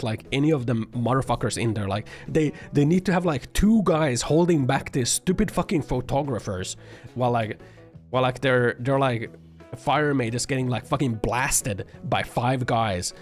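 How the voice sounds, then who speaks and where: During a casual livestream, a man with a medium-pitched voice and lively intonation gives an exasperated, profanity-laden rant at a moderate pace. It's full of filler words, and he often bursts out laughing mid-sentence. Faint music plays behind him.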